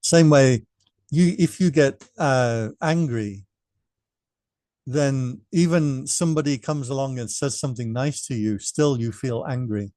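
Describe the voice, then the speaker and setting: A man teaching meditation in a relaxed, story-telling way and acting out the people in his story. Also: mid-range voice, measured pace, no room sound, clean studio sound. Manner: relaxed anecdotal, acts out quotes. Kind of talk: storytelling dharma talk. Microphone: remote class microphone.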